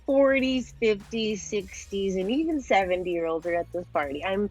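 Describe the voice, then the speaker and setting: A young woman in her twenties, a podcast guest telling a story in a casual, animated way with frequent laughs. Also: medium pitch, normal speed, faint music behind, rough recording. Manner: animated, laughing often, swearing.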